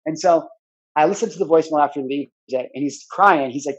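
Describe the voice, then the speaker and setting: A man's voice: fairly high pitch, quick pace, breathy edge, highs cut off. A man in his thirties, speaking as a podcast guest, tells a personal story in an earnest, rambling way full of "like" and restarts. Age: 30s.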